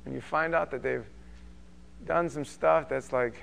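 Animated man preaching a sermon. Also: mid-range voice, measured pace, creaky. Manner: animated, acts out quotes with sudden loud bursts. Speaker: pastor.

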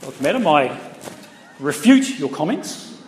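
A man's voice: a little high, very animated, a little slow, a little hiss or hum. A middle-aged man with a New Zealand accent telling stories in a chatty stand-up set with playful asides to the crowd. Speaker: stand-up comedian. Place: large town hall stage. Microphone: stage mic through PA. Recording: echoey hall from a distance. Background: audience laughter.

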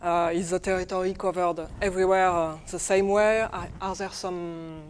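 A woman's voice: on the low side, fairly even intonation, moderate pace, a little hiss or hum. A woman with a French accent giving a technical conference talk, hesitant, with many fillers and restarts. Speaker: conference speaker. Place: conference room.

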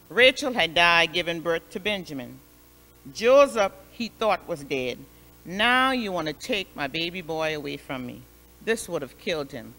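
Slow, expressive woman teaching Sunday school. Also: medium pitch. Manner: expressive, repeats phrases for emphasis. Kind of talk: Bible lesson storytelling. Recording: long hall reverb.

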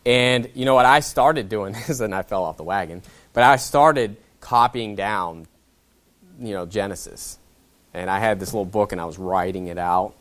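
A man, a pastor, preaching a sermon in a conversational way, often checking in with "okay?". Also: moderate pace. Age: young adult to middle-aged. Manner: conversational preaching, wide swings in pitch and loudness, frequent "okay?".

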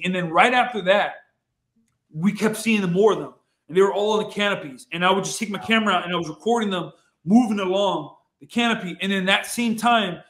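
Excitable high-voiced man, roomy echo. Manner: excitable, swears freely, repeats himself. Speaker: guest. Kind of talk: casual storytelling.

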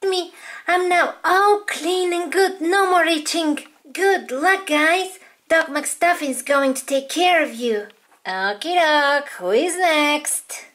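A woman's voice: very high voice, slow pace, a bit bright, a little hiss or hum. A woman voicing dolls in a toy-play video, in a childlike, sing-song way. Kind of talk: toy play with doll voices.

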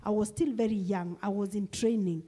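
A woman's voice: medium pitch, steady tone, normal speed, warm tone. A woman with a Kenyan accent preaching a sermon in church, emphatic and repeating her key phrases. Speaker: guest preacher.

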